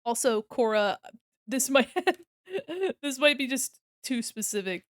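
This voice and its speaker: A woman's voice: fairly high pitch, a little slow, no echo. Chatty American woman, dry close sound. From United States. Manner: chatty, giggly, thinks aloud as she works. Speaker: art streamer. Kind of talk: casual chat while drawing on stream.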